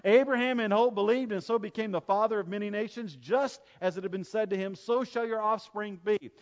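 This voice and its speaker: A man preaching a sermon, telling stories with emphatic repetition and dropping from loud preaching to quiet asides. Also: sits high, a little fast, highs cut off. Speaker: pastor.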